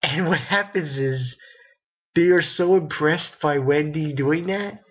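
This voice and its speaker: Excitable husky-voiced man rambling through a recap. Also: fairly high pitch, takes it slowly, pauses often, dull audio. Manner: excitable and rambling, laughs often, many restarts. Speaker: anime episode reviewer. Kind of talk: casual spoken episode recap.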